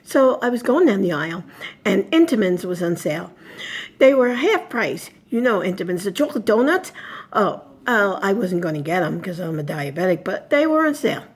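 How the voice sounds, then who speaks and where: A woman's voice: mid-range voice, big pitch swings, normal speed, breathy edge. A woman telling a personal story as spoken oratory, chatty and rambling, correcting herself as she goes.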